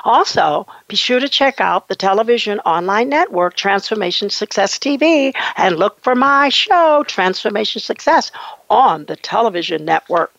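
Gravelly-voiced woman hosting a talk show. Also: mid-range voice, expressive, moderate pace, fairly bright tone, no echo. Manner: enthusiastic, effusive praise. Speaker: podcast host. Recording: dull lo-fi dry sound.

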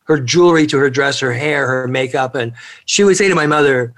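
A man's voice: medium pitch, brisk, a bit bright. A middle-aged man as an interview guest, telling family stories in a rambling, chatty way with plenty of fillers. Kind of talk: casual storytelling interview.

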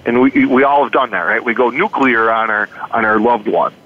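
A man's voice: medium pitch, fairly even intonation, moderate pace. A man speaking as a life coach in an interview, earnest, telling a client story with many rhetorical questions and repeated words. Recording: phone-like narrow sound.

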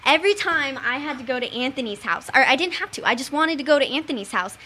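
A young adult woman chatting casually as a panelist, telling stories in an animated way. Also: high-pitched, fast. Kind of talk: casual chat.

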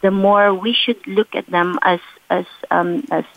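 A woman's voice: medium pitch, level tone, measured pace, creaky, no echo. Woman, design executive, hesitant, dry muffled call audio. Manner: hesitant, many fillers and restarts. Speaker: chief design officer, panel guest. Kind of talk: panel discussion.

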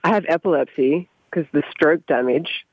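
A man talks quickly and candidly as a guest, swearing without a second thought. His voice sits a little high and comes through a thin, phone-like line with no room sound at all. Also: breathy edge, dry recording. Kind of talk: casual chat. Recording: tinny phone-like line, dry.

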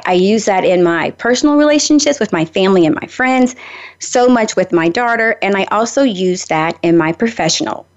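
A middle-aged woman from Nashville, speaking in a Southern accent, hosts a radio talk show. She chats on and on in a friendly, storytelling way. The audio sounds a little dull, like it came over the radio. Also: medium pitch. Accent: Southern American. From Nashville, Tennessee. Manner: talkative, animated storyteller. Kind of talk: chatty radio monologue.

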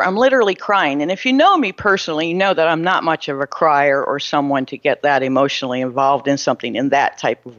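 A middle-aged woman telling a personal story in a monologue, animated and prone to restarting and repeating her words. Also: on the low side, no room sound, lo-fi sound. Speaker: spiritual storyteller.

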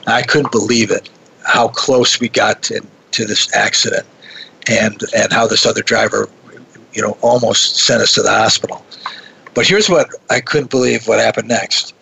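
A man telling a personal story in a relaxed conversation, animated and often restarting his sentences. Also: fairly low pitch, normal speed, vocal fry, breathy edge, low-quality recording.

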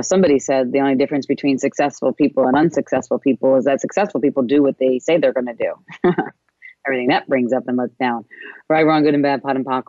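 A wellness coach talks through spiritual self-help ideas in a loose, casual way. The delivery meanders, with frequent pauses and fillers, at a mid pitch. The recording sounds dull and muffled, with a dry, close feel. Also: darkish tone, no room sound.

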